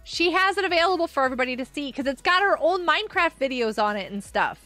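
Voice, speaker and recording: A woman chatting casually while she streams a game, excitable and quick to gasp and laugh. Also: sits high, soft background music. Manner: excitable, gasping and laughing often. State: sleepy, yawning. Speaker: gaming livestreamer. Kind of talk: casual live gameplay chat.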